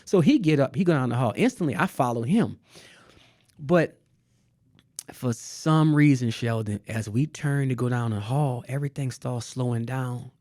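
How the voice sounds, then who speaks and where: Guy telling a story on a podcast, mid pitch, dry close sound, repeats himself for emphasis. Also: normal speed, no echo. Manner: animated, repeats phrases, laughs while telling. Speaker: guest artist. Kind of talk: casual storytelling conversation.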